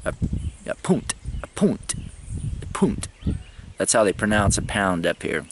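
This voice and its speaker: Rambling, chuckling low-voiced man. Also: fairly even intonation, fast talker, noisy background. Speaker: travel vlogger. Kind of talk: casual travel vlog monologue.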